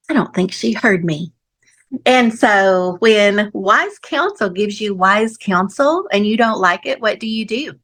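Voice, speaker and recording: A middle-aged woman hosts her own podcast and tells a story from her life. She talks in a chatty, lively way, acts out the voices of the people in it and laughs easily. Her pitch sits in the middle for a woman. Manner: animated storyteller who acts out quoted voices, laughs often. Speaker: podcast host. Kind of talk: personal storytelling.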